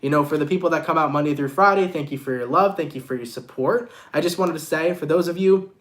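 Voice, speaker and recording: Young man, stuffed-up voice, a bit high, hosting a laid-back tarot vlog with slangy, upbeat talk. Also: fast, a bit bright. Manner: casual, upbeat, slangy, talks straight to viewers. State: congested. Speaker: tarot reader. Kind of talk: casual tarot reading vlog.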